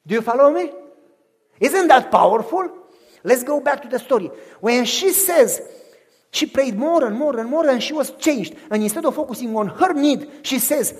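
High-voiced preacher in a reverberant hall. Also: male voice, animated, normal speed, breathy edge. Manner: preaching with wide swings from hushed to shouted; acts out quoted voices in dialogue. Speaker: pastor. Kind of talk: sermon.

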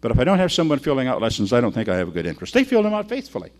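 An older man preaches in a relaxed, folksy manner, as if chatting with his congregation. His voice sits in an ordinary middle pitch, and he slips into the voices of the people in his anecdotes. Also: racing. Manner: folksy, conversational, acts out the people in his stories. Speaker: pastor. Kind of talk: sermon with storytelling.

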